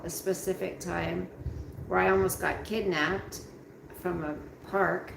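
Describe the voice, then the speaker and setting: A woman's voice: fairly low pitch, vocal fry, echoey room, slight background noise, rough recording. A tired woman hosting a casual live chat from home, rambling and greeting viewers by name. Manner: slow, rambling, talks straight to chat by name. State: tired, yawning. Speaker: livestream host reading chat. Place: at home, roomy room.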